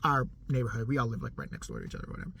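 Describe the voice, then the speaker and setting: Man, middle-aged, vlogger, swooping lively voice, profane casual storytelling, frequent laughter. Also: medium pitch, rapid-fire, creaky, slightly rough. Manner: animated, profane, laughs often while telling.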